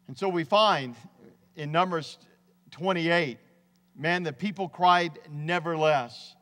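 High-voiced emphatic preacher in a reverberant church. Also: male voice, slow pace, pushed and bright. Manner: folksy, emphatic preaching, often says "man". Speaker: pastor. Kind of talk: sermon. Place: church sanctuary.

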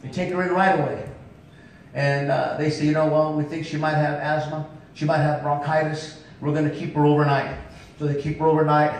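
High-pitched preacher in an echoey church. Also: male voice, little pitch movement, fairly quick. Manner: emphatic, calls out "come on now" to the congregation. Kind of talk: revival sermon storytelling. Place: church sanctuary. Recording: echoey church hall from far off, faint rumble.

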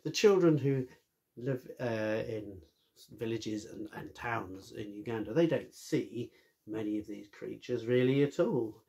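Gravelly, unhurried man reading to kids. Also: medium pitch, darkish tone. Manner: friendly, chatty asides to young listeners. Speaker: teacher reading a story aloud. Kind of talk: children's story reading.

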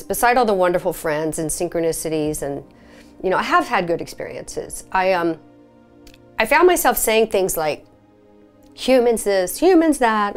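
Woman telling her story, faint music. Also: medium pitch. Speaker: experiencer sharing her story. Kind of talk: personal testimony.

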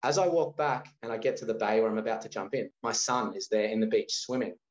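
A lower-voiced man from Australia tells a personal story as a guest in a relaxed interview. He jumps in and out of the voices of the people in his story. The sound is roomy and a bit muffled. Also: quick pace. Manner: animated storyteller acting out quoted dialogue. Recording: roomy, slightly dull sound.

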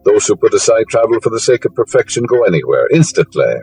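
A man's voice: on the low side, big pitch swings, fast talker, a little mellow, faint music behind, low-quality recording. A man giving a spiritual lecture, full of fillers, whose voice rises sharply on key words. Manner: rambling, fillers, rising emphasis on key words.

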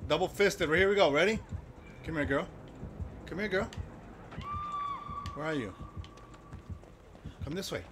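A man's voice: a little high, animated, unhurried, pauses often. A man streaming a video game, chatting loosely with his viewers and reacting to the game as he plays. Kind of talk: casual live-stream chat while gaming.

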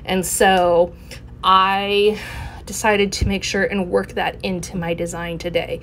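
A woman hosting her own scrapbooking channel, talking through her layout in a relaxed, explanatory way with frequent ums. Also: fairly low pitch, slow pace, slight background noise. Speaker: scrapbooking video host. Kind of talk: casual craft tutorial narration.

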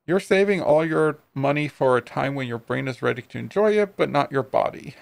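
A man voicing a talking toy tuna in a video game, reciting odd fun facts in a flat, matter-of-fact way. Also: mid-range voice, brisk, gravelly, no room sound. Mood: deadpan. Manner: cheerful deadpan fact recital.

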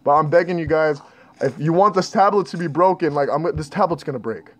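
A man's voice: on the high side, a little fast, fairly bright tone. A young man commenting on a horror game he is playing, jittery and panicky as he talks to his viewers. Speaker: gaming channel host. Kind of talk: scared horror gameplay commentary.

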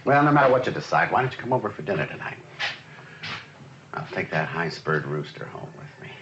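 An actor playing a persuasive businessman in the cockfighting world, in a smooth and showy manner. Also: deep voice, very animated, fairly quick. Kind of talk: film dialogue. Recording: dull lo-fi film sound, barnyard noise.

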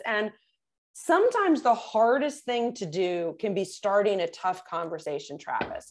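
Appearing as a guest in an interview, a middle-aged woman tells stories with lots of energy. She performs the quoted voices of the people involved, swinging her pitch dramatically.

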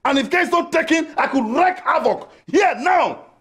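An actor with a Nigerian accent playing a boastful, self-important politician who blusters and threatens. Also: male voice, extremely high pitch, expressive, normal speed, fairly bright tone. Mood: blustering. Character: boastful pompous male big-shot politician. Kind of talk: comedic film acting.

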